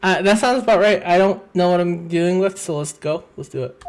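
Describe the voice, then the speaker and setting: A man's voice: high-pitched, brisk. A young man casually chatting while streaming a courtroom game, rambling and laughing often.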